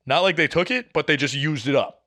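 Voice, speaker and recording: A young man in his twenties telling a long story on a casual podcast, profane and animated, acting out what people said. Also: fairly high pitch, fairly quick. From New England. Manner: animated, profane, acts out quotes. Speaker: podcast co-host.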